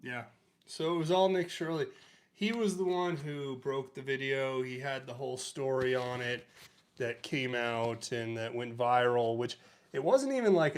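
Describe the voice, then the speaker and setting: Man, livestream host, sarcastic commentary, chuckling asides, mid-range voice. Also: medium pitch.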